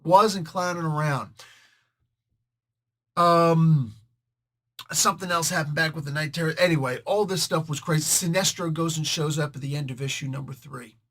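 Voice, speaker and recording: A man hosting a casual comic book review video, joking and animated and talking straight to his viewers. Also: a little high, moderate pace.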